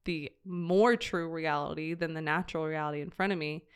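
In a deep, steady voice with a clean tone, a woman talks a little fast as she earnestly shares a heartfelt story. She is a guest recounting a mission trip as reflective testimony in conversation, with many fillers and restarts.

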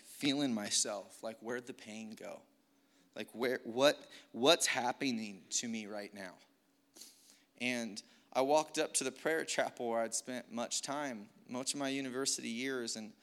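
Moderately paced and fairly bright, a young man's mid-range voice carries an earnest, emotional testimony sermon. As a preacher, he leans heavily on the filler "like."

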